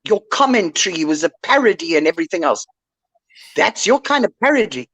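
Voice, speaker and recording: A woman's voice: fairly low pitch, sing-song, brisk, fairly bright tone, slightly rough. An older woman on an online call, ranting indignantly and lecturing someone in a live chat. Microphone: online call mic.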